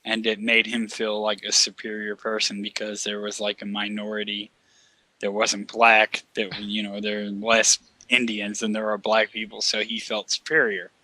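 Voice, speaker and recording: A man's voice: on the low side, completely flat delivery, normal speed, pushed and bright, no room sound. Profane rambling storyteller man. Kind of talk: casual chat.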